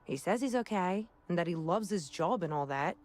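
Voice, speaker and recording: A woman's voice: on the low side, expressive, moderate pace, a little mellow, lightly acted. A woman voicing a chatty, cheerful city woman. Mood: worried. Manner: friendly, talkative, confiding. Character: chatty young city woman worried about brother. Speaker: game character. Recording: game audio with music behind.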